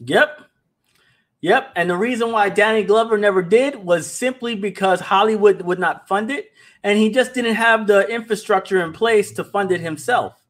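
A man hosting a casual livestream for his animation company. He is animated, talks straight to his viewers, and often repeats words. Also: sits high, normal speed.

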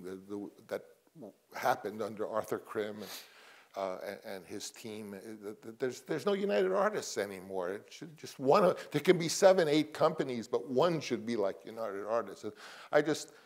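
An older man, a guest on a panel, telling stories in a rambling, halting way. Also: fairly low pitch. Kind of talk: anecdotal panel conversation.

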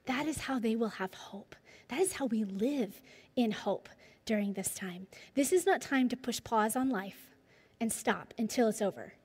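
A middle-aged woman giving a devotional talk, telling stories with lively energy and dropping to near-whispers for emphasis. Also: a little high, moderate pace, breathy edge. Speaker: speaker. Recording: long hall reverb.

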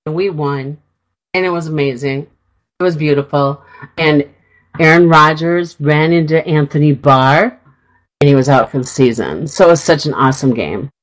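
A middle-aged Minnesota woman with a low-sitting voice co-hosts a radio show, telling a rambling story full of fillers at a moderate pace in casual chat. She's congested from a sinus infection and clears her throat. Though she's on a studio mic, the recording is low quality.

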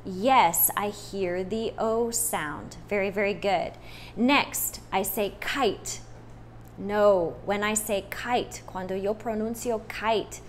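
Teacher lady doing phonics in english and spanish, slow and a bit high, faint hum behind. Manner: repeats each step in English then Spanish, stretches words slowly; emphatic "no" and drawn-out vowel sounds. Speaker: first-grade teacher. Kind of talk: bilingual phonics lesson.

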